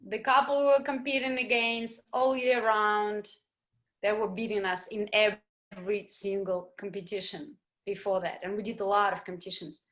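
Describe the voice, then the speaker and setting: A woman ballroom dancer and teacher telling stories in an interview, animated and expressive and sometimes searching for words. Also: mid-range voice, normal speed. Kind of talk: interview storytelling.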